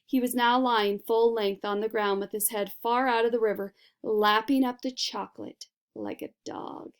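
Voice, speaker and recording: A woman narrates a children's storybook aloud, her voice fairly high. She reads with expressive, dramatic energy. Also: moderate pace, few pauses. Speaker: reader.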